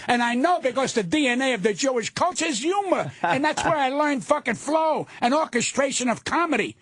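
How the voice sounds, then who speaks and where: An older male comedian ranting loudly and profanely as a guest in a radio studio. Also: very high-pitched, expressive, fairly quick, few pauses. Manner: loud, profane, indignant ranting.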